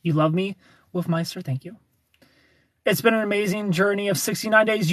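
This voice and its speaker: A man's voice: high-pitched, moderate pace, long pauses, no room sound. Chatty man hosting a livestream. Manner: chatty, reads viewer names and comments aloud; teasing, laughs often. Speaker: livestream host. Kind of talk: casual livestream chat.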